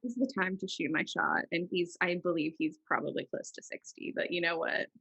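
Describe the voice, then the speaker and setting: Woman host, husky and bright, rambling casual chat that often trails off. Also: lowish voice, steady tone, fairly quick, poor audio. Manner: rambling, self-interrupting, drops softer. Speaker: podcast host.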